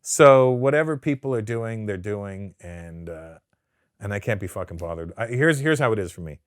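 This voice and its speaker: A man with a fairly low voice chats in a studio interview, recorded close and dry. He talks loosely and profanely, restarting sentences, and slips into animated impressions when he tells a story. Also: normal speed, no echo. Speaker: comedian guest. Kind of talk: casual interview chat.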